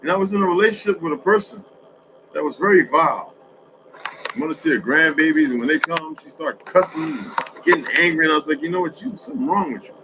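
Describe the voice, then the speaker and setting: A man's voice: a little high, expressive, fast talker, background noise. A man in a casual, rambling monologue for social media, telling streetwise stories with lots of cursing. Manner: profane, rambling, streetwise storytelling.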